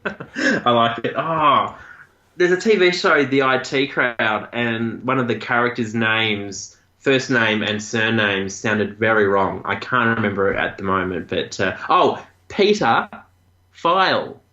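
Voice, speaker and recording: A man, co-hosting a podcast in casual chat, animated and laughing often. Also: unhurried. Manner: animated, laughs often, jumps up in pitch for emphasis. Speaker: podcast co-host. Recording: echoey, dull lo-fi room sound.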